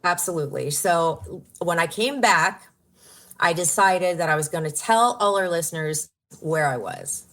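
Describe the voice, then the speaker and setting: Candid woman in her fifties, low voice. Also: a little slow, a bit bright. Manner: earnest and emotional, with bursts of laughter and exclamations. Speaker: radio personality, podcast guest. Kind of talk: candid interview storytelling.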